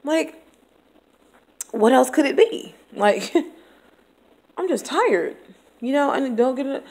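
Woman teacher, fed up and venting to camera, blunt, laughs it off, slightly high voice. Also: lively intonation, slow, long pauses, a little mellow. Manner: exasperated, venting, frequent laughs, blunt with cursing. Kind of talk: candid vlog rant.

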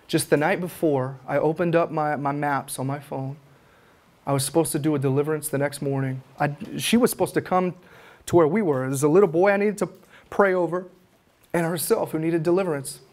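Fervent higher-voiced man preaching. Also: darkish tone. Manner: fervent storytelling, acts out his own prayers. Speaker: evangelist. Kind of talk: conference teaching sermon.

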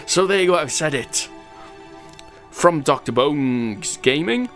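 A man's voice: on the high side, animated, takes it slowly, fairly bright tone, soft background music. A man hosting a gaming channel, chatting through his gameplay and reading out viewer comments, rambling a little and chuckling at his own jokes.

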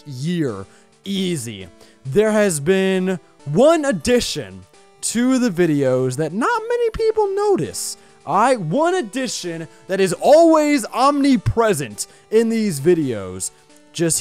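A young man hosts a let's play from his home setup, speaking into a boom-arm microphone. His voice sits a little high and bounces widely up and down. He rambles in an energetic, playful way, with faint music underneath. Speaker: YouTube gaming host.

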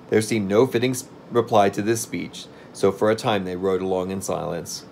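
Low-voiced man reading a storybook aloud. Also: fairly even intonation, normal speed, vocal fry, hardly any pauses, darkish tone, slight background noise. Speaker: storybook reader. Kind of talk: reading a children's book aloud.

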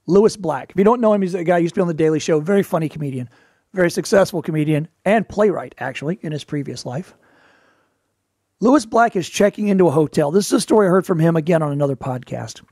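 A man hosting a show, giving casual advice in a wry storytelling way, with quick asides. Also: fairly high pitch, lively intonation, a little mellow, no echo, clean studio sound. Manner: quick asides and playful put-on voices for quotes. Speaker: podcast host, performer.

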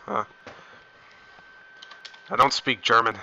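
Talking into his headset, a man vlogs about gaming and reads out viewer comments while coming down with something. His medium-pitched voice is expressive at a moderate pace, and he rambles offhandedly, restarting often, over dull lo-fi audio with slight background noise.

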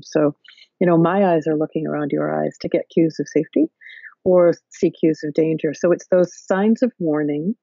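Brief woman therapist guest, gravelly and husky, unhurried careful explainer, dull lo-fi call audio. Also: low voice, mellow, no room sound. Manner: thoughtful, explains in careful steps with many fillers. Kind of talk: explanatory interview talk. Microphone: video call.

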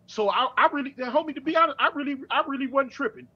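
A middle-aged man from California telling his story in casual street slang, with halting restarts, over a dull remote call. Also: very high voice, pushed and bright. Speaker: guest.

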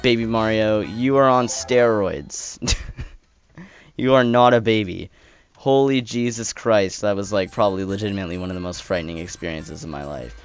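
A young man giving excited, swearing live commentary while playing a racing game, groaning and shouting at rivals. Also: fairly low pitch, moderate pace, soft background music. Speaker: let's play gamer.

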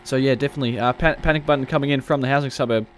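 A man's voice: medium pitch, fairly even intonation, racing, a little hiss or hum. A man giving chatty gameplay commentary through a police roleplay, joking and laughing often and barking commands at suspects. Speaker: gaming video creator.

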